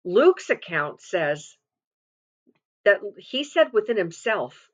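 A woman's voice: mid-range voice, expressive, slow, pauses often, lo-fi sound. A middle-aged woman giving an informal devotional sermon, retelling scripture in a chatty way with restarts and asides. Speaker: devotional speaker.

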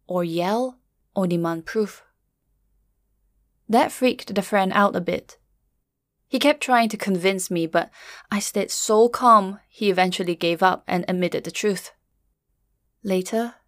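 A middle-aged woman narrating a first-person story in a quiet, measured, grieving way. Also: mid-range voice, dry recording, studio quality.

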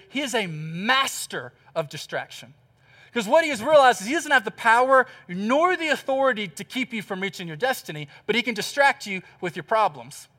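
A man preaching a sermon, telling a story with animated, emphatic repetition. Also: very high-pitched. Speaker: pastor.

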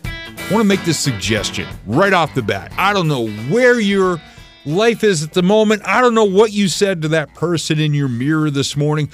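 A middle-aged man hosting a show, giving an earnest motivational monologue with drawn-out, emphasized words. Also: on the high side, expressive, faint music behind. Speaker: host, motivational speaker.

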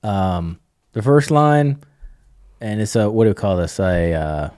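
A middle-aged man talking in a casual podcast conversation, coaching in an animated way, acting out bits of dialogue and chuckling often. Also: fairly low pitch, measured pace, dry recording, studio quality.

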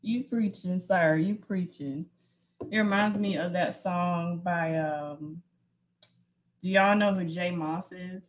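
Woman, unhurried delivery, affirming and animated co-host. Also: on the low side, rough recording. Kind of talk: casual faith chat.

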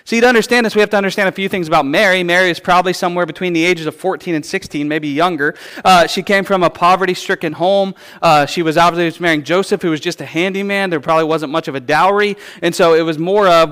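A man preaching a conversational sermon, explaining scripture in an animated, chatty way with playful asides. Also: sits high, fast, hardly any pauses, clear, resonant tone.

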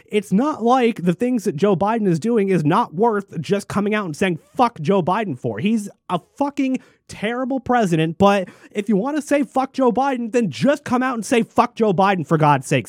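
A man's voice: high-pitched, lively intonation, moderate pace, hardly any pauses, darkish tone, dry recording, clean studio sound. A man ranting angrily in political commentary, swearing constantly and mocking people in sneering voices. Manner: angry, profane, mocking mimicry.

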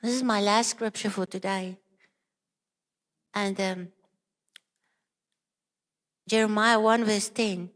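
A woman's voice: mid-range voice, fairly even intonation, slow pace, long pauses, in a large hall. A woman preaching a sermon, earnest and questioning, with many repeated rhetorical questions.

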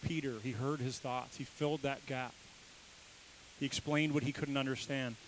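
A man's voice: mid-range voice, steady tone, moderate pace, a little hiss or hum, low-quality recording. A man preaching a sermon in a casual, conversational way, quizzing his listeners and acting out the people in the story with sudden bursts of emphasis. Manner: conversational, asks the congregation questions; acts out quoted voices with bursts of emphasis. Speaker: pastor.

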